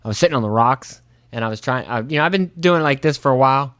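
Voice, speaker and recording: A young man rambles through a story on his own podcast, swearing freely and mimicking his own flustered reactions with sudden high-pitched bursts. His voice sits in an ordinary middle pitch. The sound is dry and close, with no room around it. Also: lively intonation, quick pace, fairly bright tone, no room sound. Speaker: podcast host. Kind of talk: casual solo storytelling.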